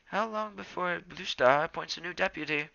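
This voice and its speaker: A man's voice: sits high, moderate pace, gravelly, bright, forceful tone, lo-fi sound, pitched above the performer's own voice, exaggerated voice. A young man voicing an impatient, crotchety old male elder cat in a storybook reading. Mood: chatty. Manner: snappish, impatient.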